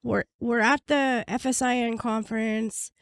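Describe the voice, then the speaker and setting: A woman guest on a podcast, telling her story bluntly and swearing freely, her voice going hoarse. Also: fairly high pitch, steady tone, measured pace, no room sound, studio quality. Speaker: podcast guest, prisoner advocate. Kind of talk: candid storytelling interview.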